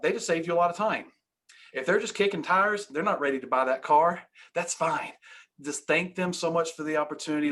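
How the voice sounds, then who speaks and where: Energetic man coaching insurance sales. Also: a little high. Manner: energetic, emphatic coaching with acted sales lines. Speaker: webinar host and sales trainer. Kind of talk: live training webinar.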